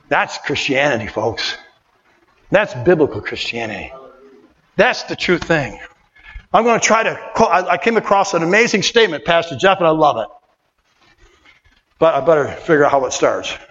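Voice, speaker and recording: Fervent high-voiced preacher in an echoing hall. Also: male voice, sing-song, normal speed, pauses often. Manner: fervent, repetitive, colloquial preaching with sudden shouts. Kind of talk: sermon. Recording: dull sound with long hall reverb.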